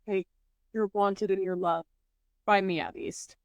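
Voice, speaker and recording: A woman co-hosting a podcast in casual chat, mostly giving quick reactions and short interjections. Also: medium pitch, steady tone, gravelly, no echo, lo-fi sound. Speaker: podcast co-host.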